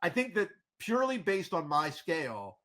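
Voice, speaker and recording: A man hosting a casual podcast chat, talking in an animated, rambling way with frequent restarts. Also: high voice, normal speed, very noisy. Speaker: podcast host.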